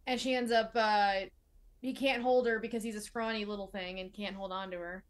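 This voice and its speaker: A chatty woman co-hosting a casual film review podcast, her voice sitting fairly high. She recaps scenes in a loose, conversational way, with plenty of fillers along the way. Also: steady tone, fairly quick. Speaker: podcast co-host.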